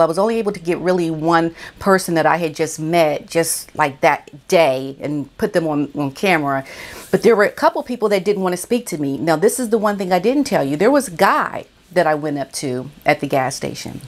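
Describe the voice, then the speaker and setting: Chatty woman vlogger giving commentary. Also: fairly low pitch. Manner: animated, chatty, talks straight to viewers. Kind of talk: casual commentary to camera.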